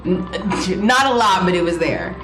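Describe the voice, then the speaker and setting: A woman's voice: on the low side, very animated, moderate pace, noisy background. A woman streaming a video game, chatting casually in rambling, playful asides. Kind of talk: casual gameplay commentary. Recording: echoey room with game music.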